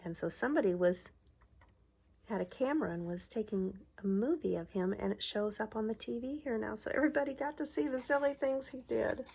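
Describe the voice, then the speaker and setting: A woman's voice: fairly high pitch, fairly quick, vocal fry, slightly rough. A middle-aged woman who runs a preschool, reading a picture book aloud to young children and asking them questions as she shows the pages. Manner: asks young listeners questions and points at pictures; bright exaggerated voice for cheering lines. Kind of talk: children's story time read-aloud.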